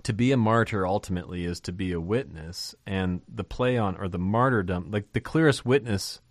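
A man's voice: low voice, brisk, no room sound, clean studio sound. A man hosting a Bible study podcast, explaining in a conversational teaching style and asking and answering his own questions. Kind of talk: casual teaching talk.

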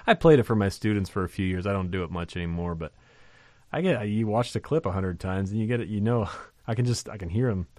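A man with a fairly low voice lectures on a scripture passage, reading it aloud and commenting in a loose, conversational way. He leans hard on his points and keeps asking rhetorical questions. The sound is dry, with almost no room echo. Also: animated, fast talker, a little mellow. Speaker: Bible teacher.

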